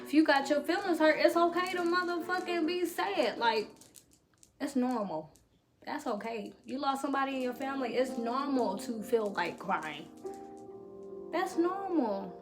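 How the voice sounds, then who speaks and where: Woman vlogger, blunt and profane but reassuring, fairly high voice, music under her. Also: lively intonation, moderate pace. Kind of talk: motivational talk to camera.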